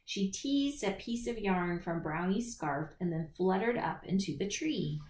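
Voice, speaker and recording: Woman reading a kids book out loud, lively sing-song voice, roomy echoey sound. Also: on the low side, measured pace. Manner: expressive, animated storytelling. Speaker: storybook reader. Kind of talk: picture book read-aloud. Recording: roomy echo.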